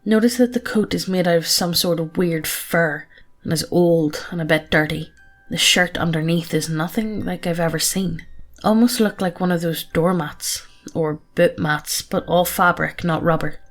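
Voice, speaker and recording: Low-voiced woman reading a horror story. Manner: casual, profane, present-tense storytelling.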